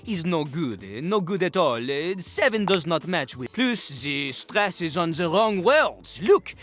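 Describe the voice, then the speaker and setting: A man's voice: on the high side, very animated, measured pace, fairly bright tone. An actor voicing a cocky male rapping toilet with a French accent, who lectures fussily and breaks into sing-song rap in a video game. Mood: fussy.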